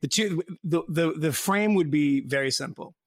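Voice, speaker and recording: A man's voice: fairly high pitch, moderate pace, dry recording, studio quality. A man in casual political chat, rambling and sardonic, often breaking into laughter.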